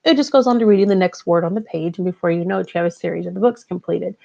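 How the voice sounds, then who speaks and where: A woman's voice: medium pitch, vocal fry, a little mellow, dull audio. A woman hosting a podcast as a life coach, giving a conversational motivational talk and repeating her key phrases.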